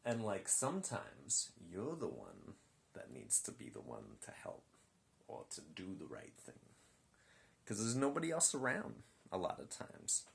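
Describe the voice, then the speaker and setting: Slow, gravelly man rambling into his phone. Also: low-pitched, huge pitch swings. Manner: joking, self-mocking, trails off often. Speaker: vlogger reviewing a show. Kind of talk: rambling casual chat while stretching. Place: at home late at night.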